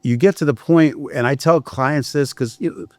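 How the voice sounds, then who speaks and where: A man's voice: on the high side, normal speed, a little mellow, no room sound, clean studio sound. A middle-aged man, a criminal defense attorney, telling blunt, profane stories in a candid podcast conversation. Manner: blunt and profane, storytelling with frequent restarts.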